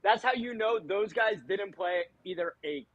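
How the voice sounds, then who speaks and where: A male mentalist guesting on a podcast, jumping in eagerly with quick takes in casual chat. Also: sits high, muffled recording, a little hiss or hum.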